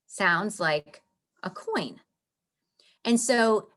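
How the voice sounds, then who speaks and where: A woman's voice: medium pitch, drawn-out words, long pauses, a bit bright. Chatty woman teaching a literature lesson. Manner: chatty, many fillers and restarts. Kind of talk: casual explanatory lesson.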